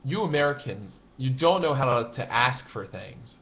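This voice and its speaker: A man voicing a gruff, unrefined caddie with dry humor, speaking slowly and deliberately. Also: medium pitch, lo-fi sound, pitched above the performer's own voice, natural voice.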